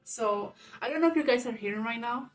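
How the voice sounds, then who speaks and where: A woman's voice: on the high side, brisk, distant mic, rough recording. A woman talking casually to her camera at home at night, rambling and full of fillers. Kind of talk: casual vlog monologue.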